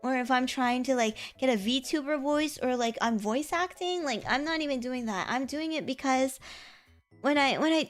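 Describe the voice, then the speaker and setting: A young woman streamer chatting casually and tiredly, laughing often, moving between a higher voice and a lower natural voice. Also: moderate pace, faint music behind. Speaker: VTuber streamer.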